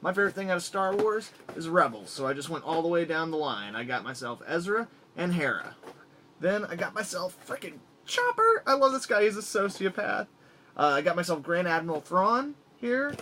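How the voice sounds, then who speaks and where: Excited man rattling off his collection. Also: high-pitched, normal speed, a little hiss or hum. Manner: enthusiastic, rambling, rattles off items. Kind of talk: casual vlog showcase.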